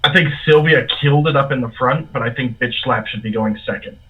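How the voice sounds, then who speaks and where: Husky man on a tinny line. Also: medium pitch, a little fast. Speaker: player. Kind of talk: casual tabletop play. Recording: tinny phone-like line, distant.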